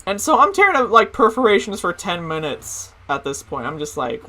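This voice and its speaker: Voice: medium pitch, big pitch swings, moderate pace, pushed and bright. A young adult telling funny school stories in a casual, profane way, full of "like" fillers. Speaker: storyteller. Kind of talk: comedic personal storytelling.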